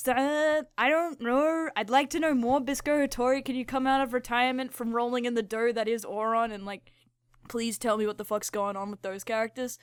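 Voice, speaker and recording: A woman's voice: fairly high pitch, clear, resonant tone, no room sound, studio quality. A woman hosting her own channel, giving rambling, profane, giggly casual commentary while she draws. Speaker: channel host.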